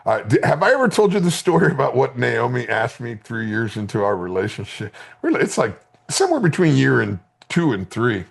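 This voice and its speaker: This fifty-something podcast host talks fairly quickly with few pauses, in a mid-range voice that is creaky with a breathy edge. Chatting casually with friends, he tells stories with lots of swearing and jokes.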